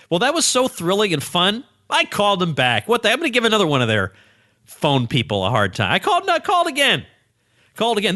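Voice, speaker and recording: Lively man telling a story, bright voice. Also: medium pitch, no echo, studio quality. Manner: lively, playful, animated retelling with laughs. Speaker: podcast host. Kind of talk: casual storytelling monologue. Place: small home office. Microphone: studio microphone.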